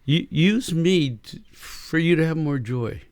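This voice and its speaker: Guy co-hosting a marriage podcast, kinda high gravelly voice, acts out what people say. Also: a little slow, no echo, clean studio sound. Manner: animated, acts out quoted lines. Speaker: podcast co-host, marriage coach. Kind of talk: casual podcast chat.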